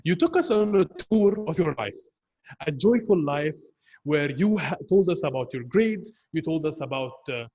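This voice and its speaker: A young man evaluating a club member's speech on a video call, earnest and halting, often restarting his words. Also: on the high side, lively intonation, a little mellow, long reverb tail, lo-fi sound.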